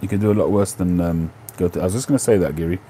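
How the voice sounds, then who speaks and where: A middle-aged man with a London Cockney accent talks casually to his livestream viewers. His voice sits very low and dark, and he rambles along in a relaxed way, correcting himself and filling pauses with ums. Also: a little hiss or hum. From England. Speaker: livestream host. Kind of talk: casual chat answering viewer questions.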